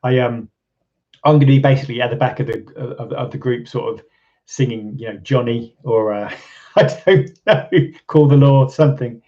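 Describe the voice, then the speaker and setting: A man's voice: medium pitch, fairly even intonation, moderate pace, mellow, lo-fi sound. A man from England hosting a casual live stream, rambling with lots of ums and restarts and chuckling often. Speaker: channel host. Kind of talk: casual live-stream chat reading viewer comments.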